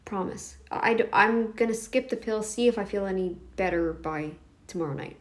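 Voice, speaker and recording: A woman's voice: mid-range voice, moderate pace. A woman hosting a reaction video, rambling and laughing often, feeling mentally off. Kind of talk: casual commentary.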